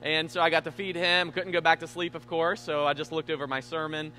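A young man preaching a sermon as pastor, telling a family story with animated, self-deprecating humor and saying he is tired. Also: fairly high pitch, fairly quick, soft background music.

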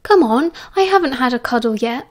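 A woman plays a whiny, timid young man with a British accent in an audiobook. He sounds pleading and fairly high. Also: moderate pace, darkish tone, natural voice. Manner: whining.

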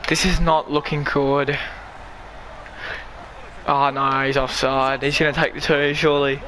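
A man commentating his own rugby video game live, excitable and pleading with his players. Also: a little high, unhurried, a little hiss or hum. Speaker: gaming YouTuber.

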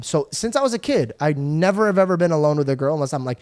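A young man hosting a podcast, telling a story in a casual, animated way, swearing often. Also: a little high, fast talker. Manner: animated, swears a lot, acts out quotes. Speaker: podcast host.

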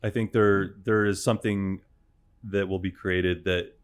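A man's voice: low voice, level tone, unhurried. A man co-hosting a podcast in a studio, chatting casually and dropping dry, wisecracking remarks. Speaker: podcast co-host. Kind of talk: casual chat.

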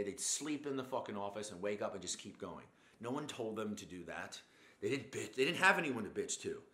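Swearing nonstop, a male show host goes on a blunt, rambling motivational rant full of tangents. He has a medium-pitched, fairly bright voice, recorded in an echoey room.

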